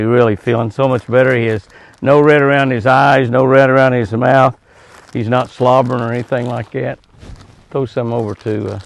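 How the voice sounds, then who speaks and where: Gravelly folksy man. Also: medium pitch, dry recording. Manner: folksy, coaxing animals in a lifted sing-song call. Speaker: ranch show host. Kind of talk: casual outdoor show narration.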